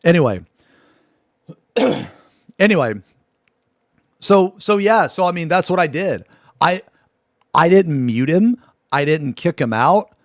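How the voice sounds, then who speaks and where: A man's voice: on the high side, animated, slow, long pauses, no echo, clean studio sound. A man streaming live, telling a story to his chat in a rambling, profane way, full of restarts and asides.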